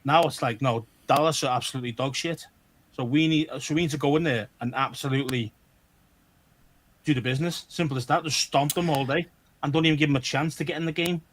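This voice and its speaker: Fast-talking Scouse man, blunt. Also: on the high side, steady tone, fairly bright tone. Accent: Liverpool (Scouse). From Liverpool area, England. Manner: blunt and emphatic, swears freely, stammers on restarts. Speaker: podcast co-host. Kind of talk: casual sports chat.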